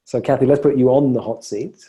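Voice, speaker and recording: A man's voice: medium pitch, fast talker, mellow. A man coaching clients on a call, emphatic and often repeating words as he starts a phrase. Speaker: coach and host.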